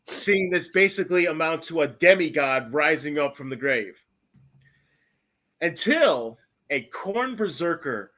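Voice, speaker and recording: Rambling, excitable male podcast host. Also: on the high side, unhurried. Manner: rambling, self-correcting storyteller with bursts of excitement. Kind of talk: casual lore retelling.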